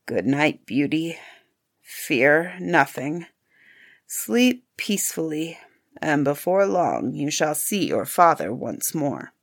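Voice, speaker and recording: Brief: woman reading a soft-spoken, solemn male beast for a storybook, lower and quieter than her narration. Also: sing-song, slow, full character voice. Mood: solemn, gentle. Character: gentle male beast, grave and kind.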